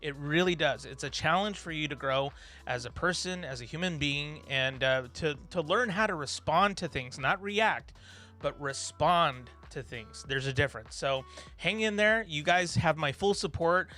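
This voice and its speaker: A man hosts a study livestream, reading out viewer comments in a loose, rambling chat full of fillers. His voice is bright and a little high. Soft music plays underneath. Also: moderate pace. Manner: warm, rambling, encouraging, with frequent fillers. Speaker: livestream host.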